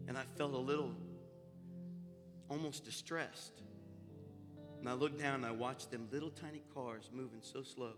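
A man delivers a sermon with homespun, fervent warmth of conviction, speaking at an ordinary middle pitch. His words ring out in a sanctuary with a long trailing reverb. Music plays clearly underneath the whole time. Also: normal speed, long pauses. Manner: fervent, folksy preaching. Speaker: pastor. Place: church sanctuary.

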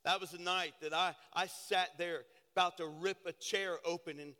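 An older man and pastor preaching a sermon with passion, swinging from hushed to loud. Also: high-pitched, steady tone, moderate pace. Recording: church sanctuary reverb.

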